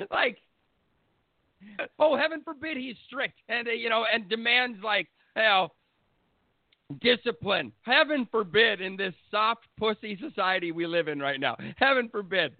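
A man with a high voice rants about sports, blunt, heated and full of swearing. His audio is thin and tinny, as if it came over a phone line. The sound is dry, with no room around it. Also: no room sound. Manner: blunt, profane, heated ranting. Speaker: sports podcast host. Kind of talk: opinionated sports talk rant.

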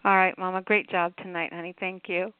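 A woman's voice: lowish voice, level tone, a little fast, clear, resonant tone, no echo. A woman hosts a call-in radio show, rambling and affectionate with her callers. Her voice sounds dry and close. It comes over a tinny phone line. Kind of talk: casual radio call-in hosting.

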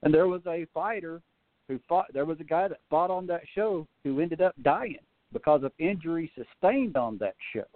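Male guest, slightly high voice, easygoing and agreeable; tinny phone audio. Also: animated, normal speed. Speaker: podcast guest, ring announcer. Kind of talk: casual podcast chat.

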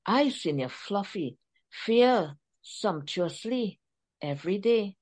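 A woman with a Trinidadian accent reading aloud from her book in the voice of a pampered, aristocratic male house cat, slow and grand. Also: mid-range voice, animated, darkish tone. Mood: haughty.

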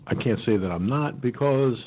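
Hosting a political talk radio show, a man with a medium-pitched, slightly rough voice speaks expressively at normal speed over a tinny phone-like line. He rambles, restarting often and using many fillers, and says he hasn't eaten, so he might sound like his mouth is full.

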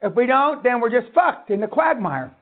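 At normal speed and very animated, a seminar speaker with an unusually high voice for a man rants bluntly at the crowd, swearing as he hammers his points home. The audio is thin and narrow, like a phone line.

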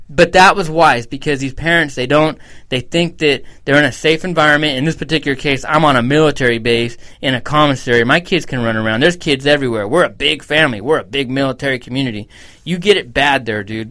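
A man's voice: a little high, fairly bright tone. A man co-hosting a podcast, telling stories in a blunt, profane, casual way. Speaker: podcast co-host.

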